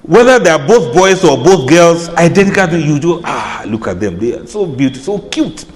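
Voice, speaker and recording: A man giving an informal religious lecture, chatty and often laughing, playing out reactions with soft drawn-out sighs. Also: a little high, very animated, in a large hall. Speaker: Islamic lecturer. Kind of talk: informal sermon.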